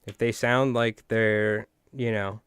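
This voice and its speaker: A man's voice: fairly low pitch, steady tone, slow, fairly bright tone, smooth, no room sound. A man with a New York accent who hosts a fly tying stream, chatting and joking with viewers in a rambling way. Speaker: fly tying channel host. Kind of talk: casual livestream chat while tying flies.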